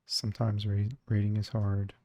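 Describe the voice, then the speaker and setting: A man's voice: lowish voice, completely flat delivery, moderate pace, dark tone, no room sound. A man streaming and chatting casually, muttering to himself and swearing offhand as he browses.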